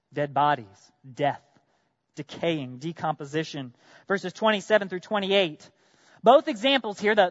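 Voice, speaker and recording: In a muffled recording with no echo, a pastor with a high-pitched voice delivers an earnest sermon. He questions the congregation directly, his delivery lurching from forceful outbursts down to hushed moments.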